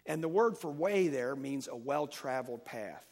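A man preaching a Sunday-morning sermon, emphatic and rising and falling in loudness as he reads and explains scripture. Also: mid-range voice, animated, normal speed, long reverb tail. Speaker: pastor.

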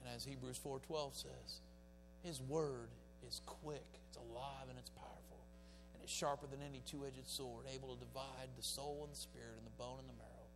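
A man preaching a sermon in a church, swinging between fiery exhortation and quiet, folksy storytelling. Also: mid-range voice, fairly even intonation, normal speed. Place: church sanctuary. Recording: reverberant church hall with faint music.

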